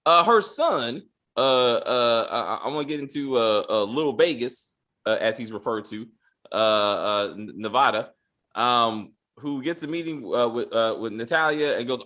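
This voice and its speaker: A man hosting a casual, profane TV review chat, animated and full of hesitations, mocking characters in squeaky voices. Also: unhurried. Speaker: podcast host.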